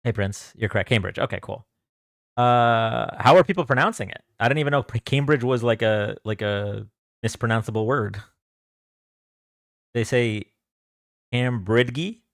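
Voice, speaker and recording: A man's voice: medium pitch, normal speed, gravelly, pauses often, no room sound, studio quality. A young man hosting a live stream from home, chatting casually and greeting viewers by name in a loose, joking way. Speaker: livestream host.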